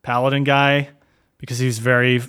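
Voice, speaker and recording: A man's voice: mid-range voice, level tone, a little fast, fairly bright tone, clean tone. A young man co-hosting a podcast in casual chat, rambling with many fillers and repeated words. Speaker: podcast co-host.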